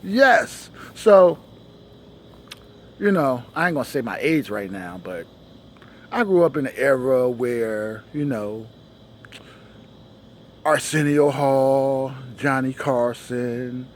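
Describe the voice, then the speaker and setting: A man's voice: animated, slow pace, long pauses, a little hiss or hum. A man hosting a comedy show, telling a loose, slangy stand-up monologue and acting out the people in his stories. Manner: loose slangy storytelling, acts out dialogue in shifting voices; sings a repeated show jingle in a high voice.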